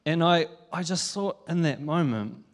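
A young New man preaching a sermon, telling a family story in a lively, chatty way with frequent laughs. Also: a little high, a little slow. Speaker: pastor.

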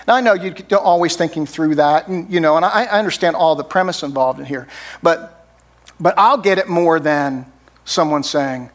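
A man's voice: on the high side, moderate pace, a bit bright. A middle-aged man preaching a sermon as pastor, in a conversational way, often checking in with "right?". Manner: conversational, frequent "right?" tag questions.

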